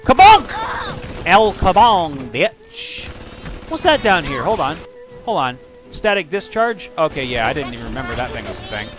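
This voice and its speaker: A man giving casual, rambling commentary while playing a video game, swearing freely and breaking into excited outbursts. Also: mid-range voice, fairly quick, over music. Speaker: gameplay streamer.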